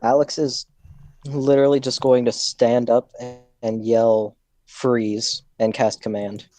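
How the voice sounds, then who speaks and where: A man's voice: mid-range voice, level tone, a little slow, dark tone, soft background music. A man playing a tabletop role-playing game, firmly declaring what his character does. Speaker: player. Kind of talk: tabletop role-play banter.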